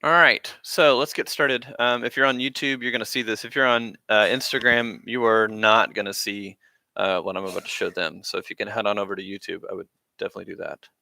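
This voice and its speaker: A man's voice: lowish voice, fairly even intonation, a little fast, gravelly, sharp tone, no room sound, studio quality. A man teaching a band class on a live stream, talking casually with lots of fillers as he explains rhythms. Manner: casual, rambling, frequent fillers. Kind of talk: live-streamed music lesson.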